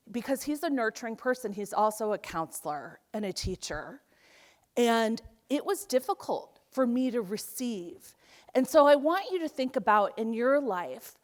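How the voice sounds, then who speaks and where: A middle-aged woman giving a motivational keynote talk in a conference hall, telling stories and acting out the voices of people in them. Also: a little high. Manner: animated storytelling, acts out quoted voices. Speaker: keynote speaker.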